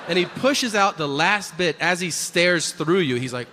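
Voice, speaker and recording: A middle-aged man's stand-up set is profane and sharp in tone, his pitch swinging widely at normal speed with few pauses. On the comedy venue stage he voices both sides of dialogues in low tones. Long reverb and faint room noise fill the live recording.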